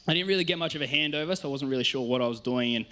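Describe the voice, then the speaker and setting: A man's voice: medium pitch, very fast, fairly bright tone. An Australian man, a youth worker, telling stories in a casual sermon on a church stage, chatty and self-mocking, laughing often.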